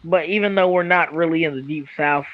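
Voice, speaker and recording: Young southern kentucky dude, high voice, loose slangy rambling, dull dry mic. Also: male voice, brisk. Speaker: friend in group voice chat. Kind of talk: casual chat.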